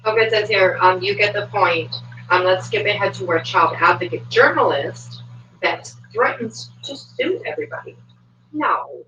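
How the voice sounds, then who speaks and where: A woman's voice: mid-range voice, animated, moderate pace, bright, forceful tone, slight background noise. A woman hosting a casual livestream, chatty and swearing freely, with lots of fillers, talking from home at a desk microphone. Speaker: livestream commentator. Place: home, moves between desk and kitchen. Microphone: desk microphone, at times far from it. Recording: echoey, distant, dull home stream audio.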